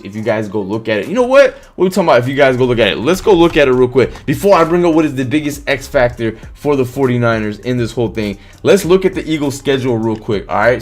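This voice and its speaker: Guy ranting football on his live stream, swears a lot, mid voice, faint music behind. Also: mid-range voice. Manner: animated, swears, reads chat comments aloud. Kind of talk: casual sports talk on a live stream.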